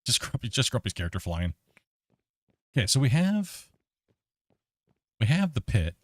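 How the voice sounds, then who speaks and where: A man's voice: mid-range voice, very animated, normal speed, no echo, studio quality. A man hosting a gaming livestream, rambling casually and chuckling as he talks to his chat.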